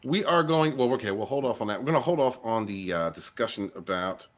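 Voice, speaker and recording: A man hosting a loose online panel talk show. His voice is mid-pitched and swings widely and lively as he riffs and jokes. He keeps cutting in on the others. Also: fairly quick. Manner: animated, joking, talks over others. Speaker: host. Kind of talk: casual panel chat on a livestream.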